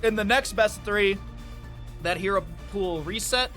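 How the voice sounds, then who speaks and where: Upbeat bright-voiced man casting esports. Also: sits high, normal speed, soft background music. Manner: chatty and upbeat, cowboy-style greetings. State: out of breath. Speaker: esports caster and streamer. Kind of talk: solo esports commentary.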